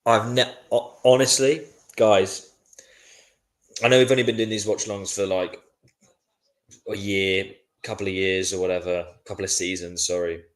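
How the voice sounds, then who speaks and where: A man reacting live to a football match, worn out and grumbling. His voice sits very low. He keeps chatting back to viewers in a loose, casual way. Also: steady tone, normal speed. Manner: frustrated, weary, chatty with viewers. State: sleepy, yawning. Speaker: watchalong host.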